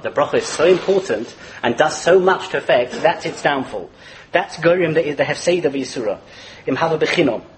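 A man teaching a Torah class in a lively lecture, chuckling as he explains and mixing Hebrew and Yiddish terms into his English. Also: medium pitch, a little hiss or hum, low-quality recording. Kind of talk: animated religious lecture.

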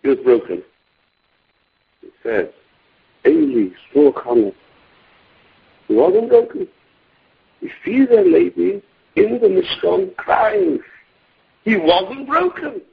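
A man preaching a story with animated delivery and frequent restarts, in a dull lo-fi recording. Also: takes it slowly, gravelly, long pauses, breathy edge. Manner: animated, sweeping pitch, restarts. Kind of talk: storytelling sermon.

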